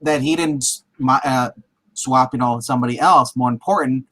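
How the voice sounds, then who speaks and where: A man's voice: medium pitch, normal speed, a bit bright. A man in casual chat as a co-host, talking hesitantly and restarting his sentences often.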